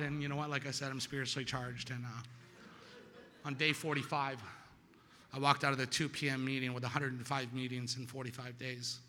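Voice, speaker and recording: A middle-aged man stands before a meeting and tells his own story of recovery, swinging between loud bursts and quiet, low moments. His voice is very bright and cutting, and it rings out with a long reverb tail, as if he is in a large hall. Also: fairly quick. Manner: animated storytelling with sudden loud peaks and quiet drops. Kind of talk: personal testimony to a meeting audience.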